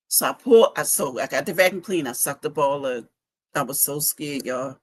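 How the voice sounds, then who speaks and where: A woman's voice: sits low, fairly quick. A middle-aged woman, chatting animatedly to viewers in a casual livestream from her home basement, speaking into a phone. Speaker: fashion week organizer giving a live update.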